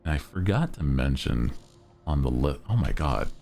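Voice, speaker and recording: A man's voice: a bass voice, lively intonation, normal speed, gravelly, a little mellow, soft background music. A man chatting casually on a live stream as its host, with a melodic, lilting delivery that rises at the ends of sentences.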